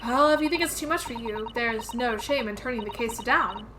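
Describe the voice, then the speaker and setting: A woman's voice: fairly high pitch, moderate pace, noisy background, lightly acted. A woman reading a courteous, reassuring young female assistant in a video game.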